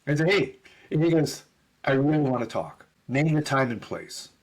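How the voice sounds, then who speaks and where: Man, middle-aged, husky voice, mid pitch, animated storyteller, interview guest. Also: moderate pace. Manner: animated storyteller acting out both sides of dialogue. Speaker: podcast guest. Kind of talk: storytelling in conversation.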